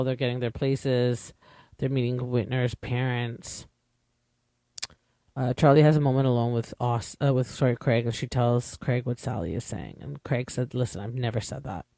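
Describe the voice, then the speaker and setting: A man's voice: medium pitch, steady tone, moderate pace, mellow, no echo, clean studio sound. A young man from Canada, an opinionated podcast host chatting casually through a reality TV recap with lots of fillers.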